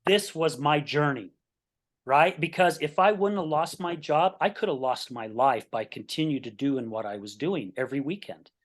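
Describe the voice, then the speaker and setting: A man's voice: fairly high pitch, moderate pace. A man hosting an interview show, telling stories animatedly and checking in with frequent "right?". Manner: animated storyteller, keeps asking "right?". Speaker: podcast host. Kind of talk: interview conversation with storytelling.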